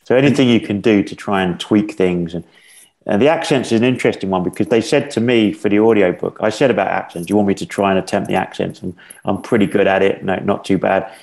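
Low-voiced guy on a podcast, lots of ums and restarts. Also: brisk, darkish tone. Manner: hesitant, many fillers and restarts. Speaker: podcast guest. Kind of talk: casual conversation.

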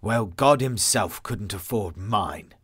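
A man voicing a low, defiant commander. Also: measured pace, a bit bright, slightly rough. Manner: firm, defiant. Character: proud, angry male mission commander.

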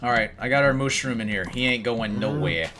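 A man hosting a casual game session with friends, excitable and hammy, breaking into loud outbursts. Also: mid-range voice, brisk, background noise. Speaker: gameplay host. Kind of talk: casual gaming chat with friends. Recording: keyboard clicks and typing.

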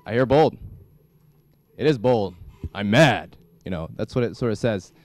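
A young man giving a classroom lecture as a student instructor, talking in a halting way with many restarts. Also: lowish voice, animated, dark tone, no room sound. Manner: halting, frequent restarts and fillers. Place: lecture hall.

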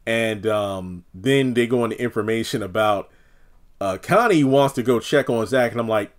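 A man's voice: fairly low pitch, normal speed. A man giving a casual, opinionated recap of a TV episode, talking loosely with lots of fillers and acting out the characters' lines. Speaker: TV episode reviewer.

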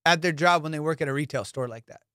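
Casual podcast host, man, fairly high voice, swears a lot, laughs through his stories, dry close sound. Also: fast, sharp tone, dry recording. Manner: profane, storytelling, laughs often. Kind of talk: casual chat.

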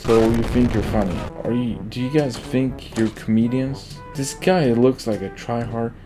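A young man giving casual, slangy commentary over his own gameplay, excitable and quick to laugh, often repeating himself. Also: medium pitch. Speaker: gaming YouTuber. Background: faint guitar music.

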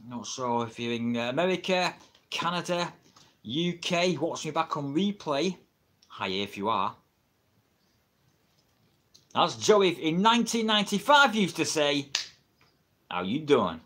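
A man's voice: a little high, expressive, unhurried, pauses often, fairly bright tone. A middle-aged man with an English accent, chatting casually on a livestream, rambling and laughing often, recorded on a built-in camera mic at home. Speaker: wrestling livestreamer. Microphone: built-in camera mic, no microphone.

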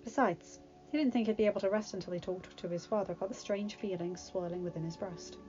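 Woman narrator, mellow tone, steady storytelling, dull lo-fi audio, faint music. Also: mid-range voice, quick pace. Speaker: fanfiction reader.

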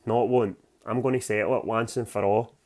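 Contrite young Scottish guy, read by a man, low voice, clipped apologies. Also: steady tone, fairly quick, darkish tone, close to an everyday voice. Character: young man back home, contrite, hot-tempered.

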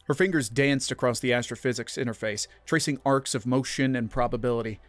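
Male narrator for a sci-fi audio story, middle pitch, measured and dramatic, dry close sound. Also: no room sound, faint music behind. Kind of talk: scripted narration.

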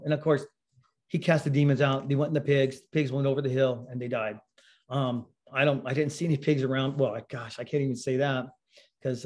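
A man giving a sermon, telling a personal story in a conversational way, often clearing his throat. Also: mid-range voice, darkish tone. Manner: conversational storytelling, acts out quoted voices; frequent throat clearing and fillers. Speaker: preacher.

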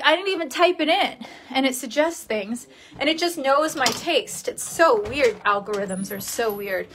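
A young woman from Queens, chatting casually with viewers during a livestream from her childhood bedroom and laughing often. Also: on the high side. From Queens, New York. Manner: chatty, giggly, talks to viewers.

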